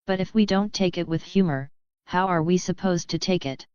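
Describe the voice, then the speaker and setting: A woman voicing a cheeky prankster twin boy who talks in a hushed, conspiratorial way. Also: fairly low pitch, moderate pace, smooth, no echo, dull audio, natural voice.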